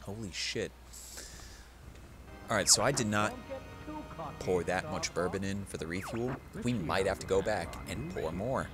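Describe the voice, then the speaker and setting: Over video game music, a tipsy let's play gamer with a low, slightly slow voice comments as he plays, leaving long pauses. He wanders off topic, curses, and begs with exaggerated drama.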